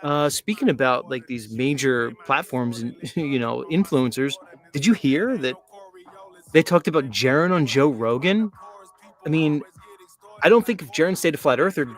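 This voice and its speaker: A man's voice: mid-range voice, animated, moderate pace. A man hosting a show, talking casually in a mocking, rambling way. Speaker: host. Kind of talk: casual livestream talk.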